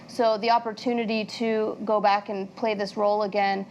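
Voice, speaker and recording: A woman in her forties, a guest actress on a talk show, speaking earnestly with many pauses and fillers. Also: medium pitch, flat delivery, a little mellow, lo-fi sound, a little hiss or hum.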